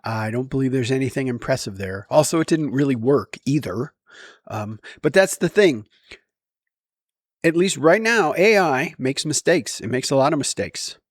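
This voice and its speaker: Man, casual vlog talk, rambling with lots of ums, mid pitch, dry close sound. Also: animated, normal speed, no room sound. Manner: chuckles often while talking. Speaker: vlogger.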